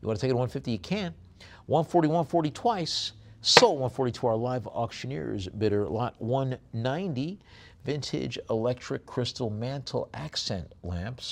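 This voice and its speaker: A man working as a live auctioneer, reading out lot descriptions and then rattling off fast bid calls. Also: fairly low pitch, vocal fry.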